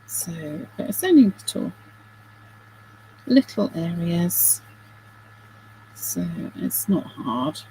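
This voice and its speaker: A woman's voice: on the low side, sing-song, slow, long pauses, warm tone, slight background noise, poor audio. A middle-aged woman hosting a craft video, chatting casually and self-deprecatingly while she works, with giggly asides.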